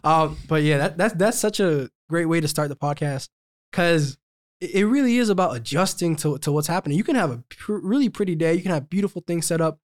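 A man's voice: a little high, expressive, a little fast. Upbeat young man co-hosting a podcast. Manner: laughing, upbeat, slangy. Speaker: podcast co-host. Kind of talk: casual chat.

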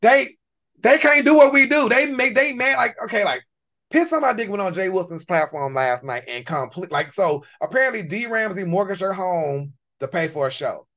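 A man with a very high-pitched voice, trading gossip on a chat podcast. He talks in an animated, exclaiming way, reacting loudly. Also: normal speed. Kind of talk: casual chat.

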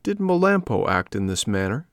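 An honest, proud wooden puppet boy answers in an earnest, lifted voice, as a man reads the storybook aloud. There is a gravelly grain underneath. The sound is dry and close. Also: fairly low pitch, very animated, moderate pace, no room sound. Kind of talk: storybook reading.

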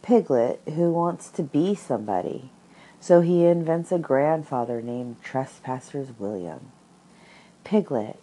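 A woman reading a classic children's story aloud and commenting on it, in an expressive, measured manner. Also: low voice, slightly rough, poor audio.

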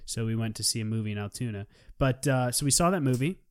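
A man's voice: mid-range voice, animated, fast talker, smooth. Rambling, jokey male podcast co-host. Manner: rambling and jokey, laughs often. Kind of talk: casual chat.

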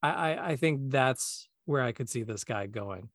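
A man co-hosting a podcast, talking in a relaxed, easygoing way and thinking aloud with plenty of filler words. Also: mid-range voice, a little slow, no echo, clean studio sound. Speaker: podcast co-host, voice actor. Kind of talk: casual podcast chat.

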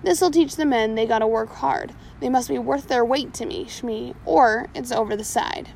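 A woman's voice: on the high side, normal speed, vocal fry, a little mellow, slight background noise. A woman voicing a scheming, cruel male pirate captain who sneers at his crew, in a storybook reading. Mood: smug. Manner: sneering, self-satisfied.

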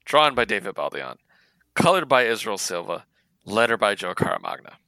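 Man, podcast co-host, casual comic chat, animated, bright tone, dry sound. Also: fairly low pitch, moderate pace, vocal fry, no echo. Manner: animated, laughs often, acts out character lines.

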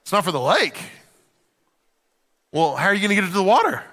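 A man playing a curious, prying neighbor who keeps asking questions in quick bursts. His tone is bright and raised. It has a long hall echo. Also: high-pitched, big pitch swings, heavily acted. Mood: nosy. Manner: prying, rapid-fire questions.

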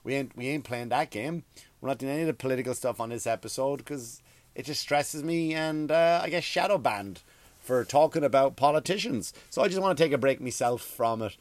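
A man's voice: medium pitch, a little fast, no echo. Crude rambling Irish man ranting. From Ireland. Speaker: podcast host. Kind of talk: comedic rant.

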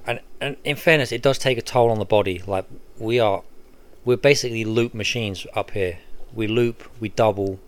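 A man's voice: lowish voice, moderate pace. Teasing male podcast co-host. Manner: teasing, dry banter. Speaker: podcast co-host, golf caddie. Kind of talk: casual chat.

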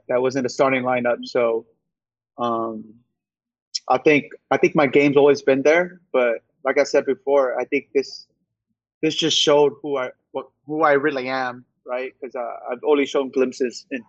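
A man's voice: medium pitch, no echo, dull audio. A young man, a basketball player, chatting casually in an interview, laid-back with lots of fillers and frequent laughs.

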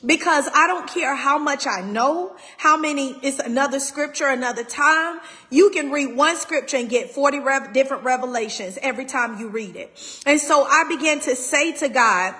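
High-voiced tearful woman. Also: normal speed, pushed and bright, in a large hall. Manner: raw, tearful, holding back crying. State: near tears. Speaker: podcast host. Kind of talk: emotional faith talk to listeners.

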